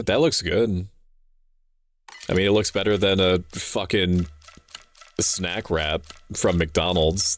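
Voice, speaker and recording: A young man streaming a game, chatting casually in a rambling, joking way, often interrupting himself and swearing now and then. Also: low voice. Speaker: VTuber streamer. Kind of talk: casual gameplay commentary.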